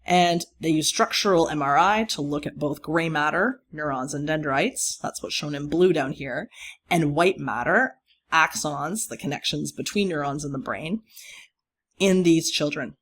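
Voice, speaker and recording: A lecturer in a recorded course talk who explains material step by step and speaks straight to students. The delivery leans on key words for emphasis and pauses often to rephrase a point. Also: medium pitch, a bit bright.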